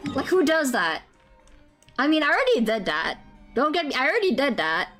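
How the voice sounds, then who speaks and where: A woman live-streaming a game, chatting casually, with loud swearing outbursts and quiet muttered sums. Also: high-pitched, normal speed, long pauses, faint music behind. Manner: excitable, loud outbursts and swearing, then muttering math to herself.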